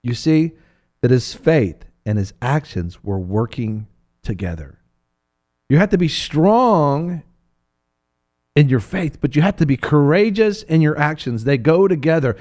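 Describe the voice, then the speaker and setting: A man teaching from the Bible in a preaching talk, animated and playful, acting out voices of biblical figures. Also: fairly high pitch, measured pace.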